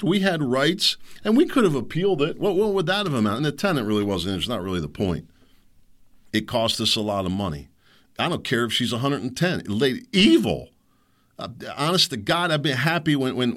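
A man's voice: mid-range voice, fairly bright tone. A middle-aged man hosting his own show, telling a story in an indignant, heated monologue. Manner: heated, indignant, mocks others in put-on voices. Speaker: show host. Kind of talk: ranting monologue.

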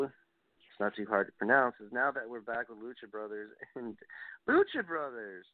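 A man's voice: medium pitch, big pitch swings, moderate pace, dry recording. A man hosting a casual solo wrestling review show, rambling and digressing as he reads results aloud. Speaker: wrestling podcast host. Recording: tinny phone-like dry sound.

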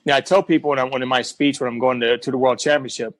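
A man's voice: medium pitch, fairly even intonation, fast, dry recording, low-quality recording. A middle-aged American man, a guest, telling his life story earnestly and with emphasis, acting out the voices of people he quotes. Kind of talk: emotional personal storytelling.

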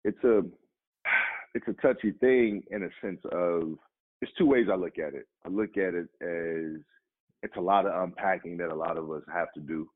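A man, an actor, telling personal stories in conversation and acting out the voices of the people in them. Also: moderate pace. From Chicago. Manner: animated, acts out quoted voices with sudden pitch jumps. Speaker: actor and guest. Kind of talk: storytelling in conversation. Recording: dry, narrow phone-like sound.

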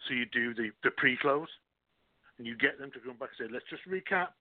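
A man's voice: medium pitch, fairly even intonation, brisk, dry recording. A man who works as a recruiter, a guest on a talk show, explaining his approach through worked examples. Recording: tinny phone line.

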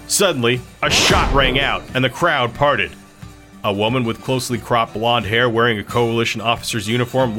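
A man reading a novel aloud as narrator, in a measured storytelling manner. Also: mid-range voice, bright, forceful tone. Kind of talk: audiobook narration.

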